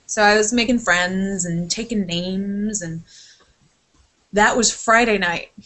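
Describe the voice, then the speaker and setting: A woman's voice: mid-range voice, takes it slowly, fairly bright tone. A woman in casual podcast chat, telling a rambling, sidetracked story with casual swearing and a lot of apologizing.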